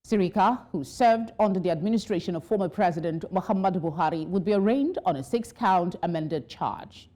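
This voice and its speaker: A woman anchoring a television newscast, reading the stories in a formal, measured way. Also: fairly low pitch, darkish tone. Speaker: news anchor. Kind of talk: scripted news reading. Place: news studio.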